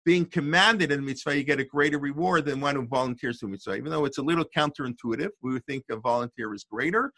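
A man's voice: medium pitch, fast talker, hardly any pauses, bright, forceful tone, no echo. An older man giving an informal Torah lesson as a rabbi, thinking aloud in a discursive way with restarts and asides.

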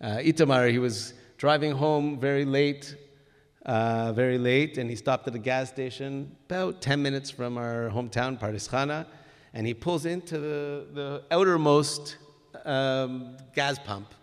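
A man's voice: mid-range voice, moderate pace, a bit bright. A man giving a religious lesson, speaking earnestly and emphatically with frequent restarts. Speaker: religious teacher. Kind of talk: Torah lesson with stories. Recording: long hall reverb.

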